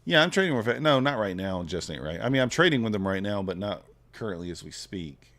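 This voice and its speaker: A man's voice: lowish voice, very animated, a little fast, fairly bright tone. A man trading live on a stream, thinking aloud in a laid-back, casual way and chatting with his viewers. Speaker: futures trader streaming live.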